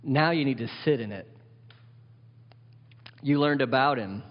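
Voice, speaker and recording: A man's voice: mid-range voice, unhurried. A man preaching a sermon as pastor, emphatic, often asking the congregation questions. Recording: dull sound with long hall reverb.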